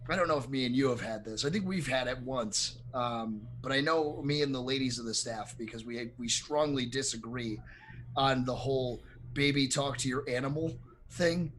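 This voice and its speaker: A man who is a streamer, guesting on a casual live podcast, joking and lively, who mocks baby talk in high silly voices. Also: moderate pace, slight background noise, rough recording.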